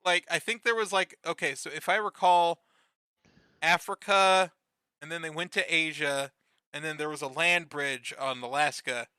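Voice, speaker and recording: A man with a very bright, slightly high voice talks casually through a TV episode recap. He laughs often, swears freely and jumps into quick acted-out lines. The mic is close and dry. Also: smooth, no room sound. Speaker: podcast co-host.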